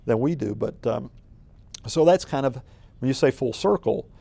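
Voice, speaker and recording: A man serving as city manager talks through an interview in a relaxed, folksy way. His voice is mellow and warm, with plenty of ums, uhs and restarts as he rambles through his stories. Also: mid-range voice, moderate pace, vocal fry, husky. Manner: rambling, filler-heavy, folksy storytelling. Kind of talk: conversational interview.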